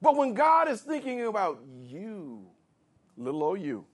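A man preaching a sermon. He reads scripture slowly, explains it in plain words, and rises to emphatic shouts. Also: high voice, huge pitch swings, slightly rough.

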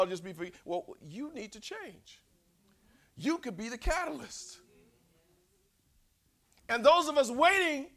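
Male preacher, high and lively voice, swings between hushed asides and shouted points. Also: vocal fry. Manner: conversational, repeats words for emphasis. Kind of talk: sermon.

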